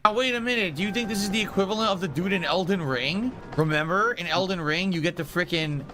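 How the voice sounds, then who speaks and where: A man streaming, talking through gameplay in an animated, rambling way, tagging lines with "right?". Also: high voice, fast. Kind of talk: gameplay commentary. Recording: clip with loud music behind.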